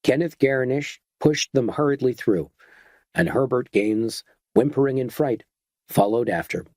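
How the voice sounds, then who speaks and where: A man giving a steady, dramatic scripted narration of a horror audiobook. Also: mid-range voice, measured pace, no echo.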